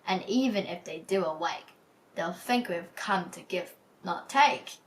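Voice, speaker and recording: A woman's voice: lowish voice, expressive, a little slow, recorded from a distance, a little hiss or hum. A woman reading a storybook, voicing a lanky female thief who brags about the heist. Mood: cocky. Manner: bragging, cocky. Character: lanky female thief, boastful but jumpy. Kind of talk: storybook read-aloud.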